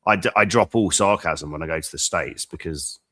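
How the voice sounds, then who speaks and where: A man co-hosting a casual podcast, telling stories in a lively, joking way and laughing at his own lines. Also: sits low, brisk. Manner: animated storyteller, laughs at own jokes. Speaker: dating coach podcast co-host.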